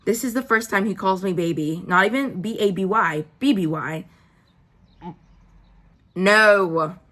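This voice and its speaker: Young woman vlogger, casual storytime while doing makeup; blunt, sarcastic, swears freely, mid-pitched voice. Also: unhurried, a bit bright. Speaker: beauty vlogger. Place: at home indoors.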